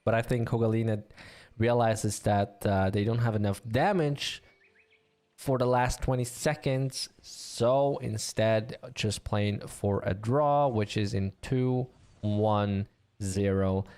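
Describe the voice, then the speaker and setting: A man's voice: on the low side, fairly even intonation, slow pace, a little mellow. A man casting a live online game match, chatty and joking with his co-caster and the audience. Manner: chatty, joking, easily amused. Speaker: esports caster.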